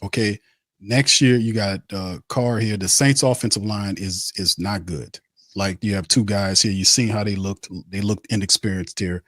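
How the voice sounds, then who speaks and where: Low-voiced man ranting about football. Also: no room sound, clean studio sound. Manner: heated, blunt ranting with repeated phrases. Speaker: sports talk show host. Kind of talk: postgame sports commentary.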